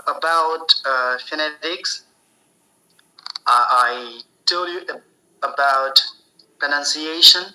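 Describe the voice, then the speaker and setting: A man giving a spoken English lesson, explaining slowly and deliberately, often repeating and restarting his phrases. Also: fairly high pitch, sharp tone, poor audio. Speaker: English teacher.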